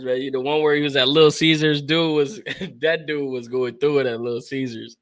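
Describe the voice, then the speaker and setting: A young man streaming casual live play-by-play of a football game, excitable and slangy, laughing often with his chat. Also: mid-range voice, normal speed.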